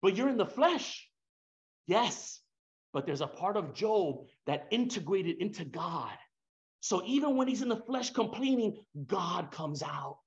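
Male preacher, high-pitched, fervent, casual slang, big swings in loudness; dull lo-fi recording. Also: big pitch swings, measured pace. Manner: impassioned, swings between soft and loud, rhetorical questions, casual slang. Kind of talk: sermon.

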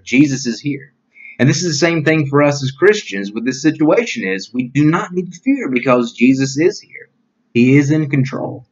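A man's voice: medium pitch, lively intonation, normal speed, muffled recording. A male pastor giving an online sermon in an earnest, plain-spoken way, often saying "you know" as he reads scripture and explains it.

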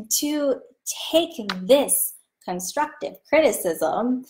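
A woman talking casually about careers and client relationships, chatty and animated, acting out the people she quotes. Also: mid-range voice, a little slow. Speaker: vlogger giving career advice. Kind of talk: casual talk to camera.

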